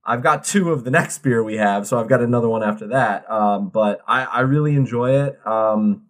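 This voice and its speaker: A man's voice: mid-range voice, moderate pace. Laid-back man co-hosting a beer podcast. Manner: laid-back, rambling, reads labels aloud. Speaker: podcast co-host. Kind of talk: casual chat.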